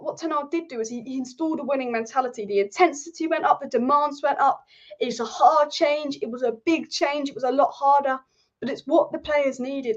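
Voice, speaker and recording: A young woman hosting a football fan channel, ranting passionately and swearing freely about her team. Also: sits high. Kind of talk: ranting fan commentary vlog. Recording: slightly dull lo-fi audio.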